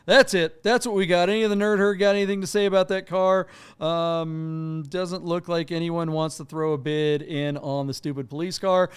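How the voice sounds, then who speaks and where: A man co-hosting a live car auction stream, with a fairly high voice that is smooth and clear. He talks casually and bluntly, with sarcastic asides and plenty of fillers. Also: steady tone, normal speed, few pauses.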